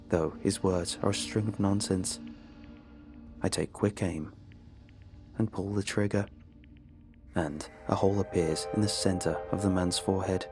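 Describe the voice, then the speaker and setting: A man narrating a first-person horror story in a measured, grim manner. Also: low-pitched. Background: background music.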